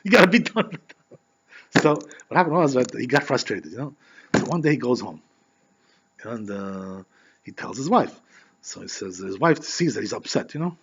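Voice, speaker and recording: A man who is a rabbi, telling a story in a sermon in an animated, chatty way, full of filler phrases. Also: medium pitch, normal speed, pauses often, a little hiss or hum. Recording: dull lo-fi recording.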